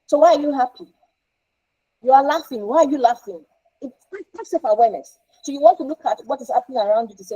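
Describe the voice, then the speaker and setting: A woman's voice: sits high, lively intonation, quick pace, warm tone, husky, highs cut off. A woman counsellor teaching a parenting lesson, explaining with rhetorical questions and short acted examples.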